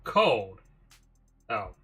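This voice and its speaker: A man's voice: fairly low pitch, sing-song, extremely slow, pushed and bright, faint music behind. A man streaming a game, musing aloud in a casual, mildly profane way. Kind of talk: casual livestream commentary.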